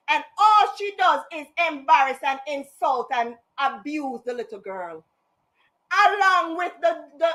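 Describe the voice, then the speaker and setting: A woman's voice: high voice, a bit bright. A woman, telling her own story on a casual live stream, indignant and emphatic, slipping into patois. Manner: slips into patois.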